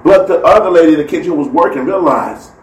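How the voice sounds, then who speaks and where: On the high side and talking fast, the man tells a faith story casually, animatedly voicing the people he quotes. Faint background noise and a distant mic make the recording sound roomy.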